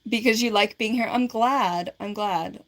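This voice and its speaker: A woman's voice: fairly high pitch, unhurried, a bit bright. A woman in her forties on a casual livestream, reading and answering viewer comments in a rambling, giggly way with lots of filler words. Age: 40s.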